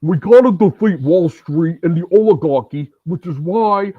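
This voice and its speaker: A man putting on the voice of an old male senator, lecturing loudly about politics in a high, strained voice. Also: expressive, normal speed, husky, no room sound. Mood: ranting. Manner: shouty, lecturing, high-pitched. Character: old male socialist senator, fiery and preachy. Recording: tinny, phone-like, dry sound.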